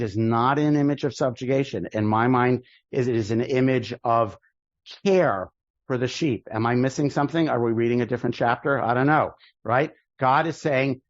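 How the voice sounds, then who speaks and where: A man's voice: medium pitch, dry recording, lo-fi sound. A man, a rabbi, teaching a class in a casual lecture style, thinking aloud with restarts and rhetorical questions. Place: synagogue classroom with video call.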